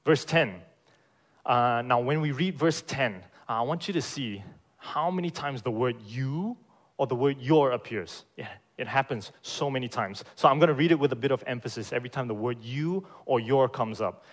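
A man preaching a sermon in a church, emphatic, asking the congregation rhetorical questions and often checking in with "right?". His loudness swings between strong emphasis and quieter phrases. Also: mid-range voice, a little slow. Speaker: pastor.

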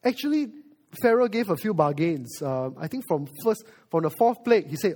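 A male pastor preaching a sermon, moving from quiet reflection to loud emphasis. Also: high-pitched, big pitch swings, moderate pace.

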